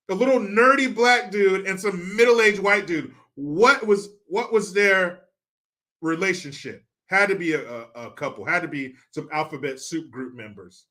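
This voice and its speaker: A man's voice: high-pitched, measured pace, pushed and bright. A man hosting his own show, ranting through sarcastic, profane political commentary full of mockery. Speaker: show host.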